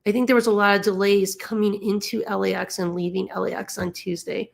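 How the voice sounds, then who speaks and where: Woman from the Los Angeles area, mid-pitched and gravelly, casual explainer, worn out, halting delivery. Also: flat delivery. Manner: halting, stumbling over words, many fillers. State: emotionally tired. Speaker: dog rescue volunteer. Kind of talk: casual explainer while sharing a map on screen.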